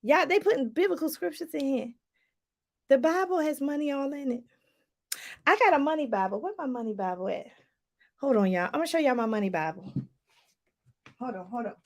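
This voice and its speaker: Animated high-voiced woman life coach. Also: brisk, pauses often. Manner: animated, preachy, addresses viewers as y'all. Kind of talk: motivational livestream talk.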